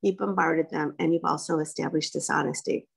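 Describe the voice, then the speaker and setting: A woman's voice: low-pitched, a little fast, vocal fry. A woman giving a direct, folksy workshop talk as guest speaker. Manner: lively, direct, folksy coaching. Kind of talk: workshop presentation.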